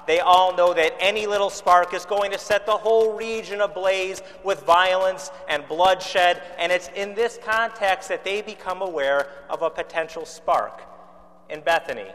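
A pastor from Chicago preaches in an easy, conversational way. He asks rhetorical questions and drops in dry humor. His voice sits a little high, and a long reverb from the church hangs behind it. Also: moderate pace, a bit bright. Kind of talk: sermon.

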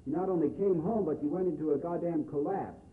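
Guy doing a blunt brotherly young man, low and quiet, tinny echoey recording. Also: a little fast, distant mic, close to an everyday voice. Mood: earnest. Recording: echoey, phone-like, faint hiss.

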